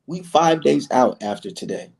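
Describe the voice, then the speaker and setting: Animated, profane streamer man. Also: a little high, normal speed, gravelly. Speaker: boxing livestream host. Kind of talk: casual livestream chat.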